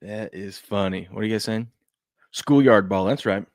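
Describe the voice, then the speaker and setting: A man hosts a loose, casual sports talk show, his voice sitting a little low. He rambles and trips over his own sentences, restarting as he goes. The sound is close and dry, with no room around him. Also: normal speed, no room sound. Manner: rambling, repeats himself, frequent restarts and fillers.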